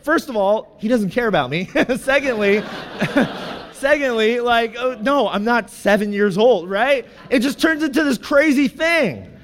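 Preaching at a slightly slow pace, this thirty-something pastor shares personal stories with lively, self-mocking humor. His voice sits unusually high for a man, a long hall reverb follows each line, and there's faint background noise.

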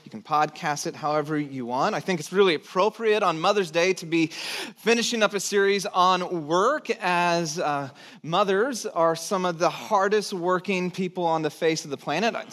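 A male pastor giving a sermon in a church, conversational and pausing often, letting phrases fall low and soft. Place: church sanctuary.

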